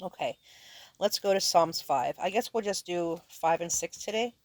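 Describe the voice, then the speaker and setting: A woman's voice: fairly low pitch, expressive, moderate pace, no room sound. A woman teaching her sons scripture at home, reading verses aloud and explaining them plainly, often checking whether they understand.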